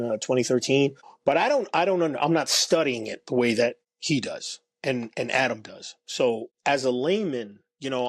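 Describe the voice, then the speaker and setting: A man who directs documentaries chats as a podcast guest at a middle pitch, stopping and restarting his sentences often. His voice is recorded close and dry. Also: no echo. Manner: halting, many restarts and fillers. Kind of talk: casual podcast conversation.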